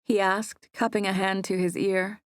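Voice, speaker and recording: A woman narrating a first-person romance audiobook in a soft, intimate storytelling manner on a close studio mic. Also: mid-range voice, level tone, normal speed, no echo.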